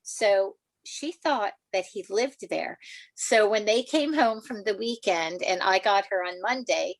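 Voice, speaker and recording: An older woman, a children's author, telling stories in an interview, animated and laughing, acting out quotes in a higher voice. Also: unhurried, dry recording. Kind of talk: storytelling in a podcast interview.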